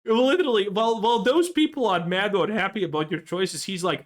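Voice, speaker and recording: A man's voice: high voice, fairly quick, few pauses. A young man reviewing a video game in an exasperated, profane and sarcastic rant. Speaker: gaming video creator.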